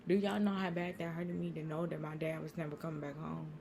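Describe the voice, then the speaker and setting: A woman's voice: sits low, flat delivery, fast talker, vocal fry, mellow, a little hiss or hum. A young woman telling a personal story to her viewers, rambling and repeating herself as she quotes family in dialogue. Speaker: vlogger.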